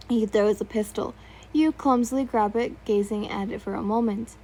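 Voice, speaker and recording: A woman's voice: medium pitch, steady tone, normal speed, dark tone, rough recording. A woman reading fan fiction aloud, stumbling over words now and then and remarking on typos. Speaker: story reader.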